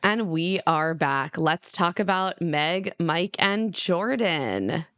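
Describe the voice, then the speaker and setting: Female podcast co-host, lowish voice, wry asides, dry studio sound. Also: expressive, takes it slowly, a bit bright, no echo. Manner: short wry interjections, reads segment lead-ins. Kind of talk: casual recap chat.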